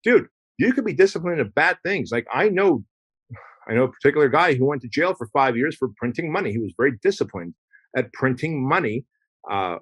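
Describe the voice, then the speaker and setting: A man's voice: mid-range voice, dry recording. A man speaking as a podcast guest in casual, emphatic conversation, often acting out quoted exchanges and swearing casually.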